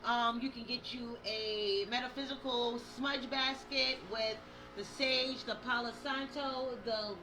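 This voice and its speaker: A woman's voice: a little high, fairly even intonation, unhurried. A woman giving a casual monthly tarot reading to her viewers, chatty and direct, calling them y'all and reading the card texts aloud. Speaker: tarot reader and spiritual coach. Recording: faint outdoor yard noise behind.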